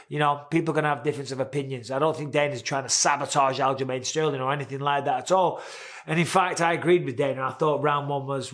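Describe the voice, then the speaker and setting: A man in his forties hosting a casual, candid sports commentary, chatty and swearing now and then. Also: on the high side. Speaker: host.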